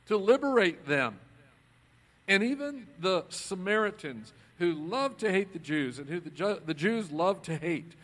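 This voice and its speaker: A man preaching a conversational sermon as a pastor, swinging between loud emphasis and quiet asides. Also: sits high.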